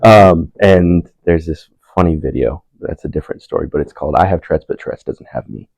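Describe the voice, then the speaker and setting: A man's voice: a bass voice, a little fast, gravelly, a little mellow, dry recording, muffled recording. A young man on a panel telling a personal story in a laid-back, self-mocking way, laughing often. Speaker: panel speaker.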